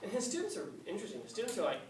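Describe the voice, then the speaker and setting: Man lecturing casually, slightly high voice, joking, roomy echo, distant mic. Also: wildly swooping pitch, very fast. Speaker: teacher. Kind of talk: classroom lecture, storytelling. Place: classroom. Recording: echoey classroom, far mic, faint hiss.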